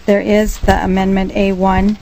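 A woman's voice: medium pitch, completely flat delivery, normal speed, gravelly, warm tone, poor audio. A woman committee member explaining a bill's amendment in a businesslike, formal way. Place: legislative committee room.

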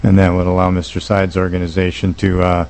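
A man with a very deep voice speaks in a legislative committee room. His delivery stays level and monotone, earnest and measured, and he stumbles through frequent "uh"s and "um"s as he makes his case. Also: clear, resonant tone, low-quality recording. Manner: halting, many uh and um fillers. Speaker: state legislator. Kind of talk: committee hearing testimony.

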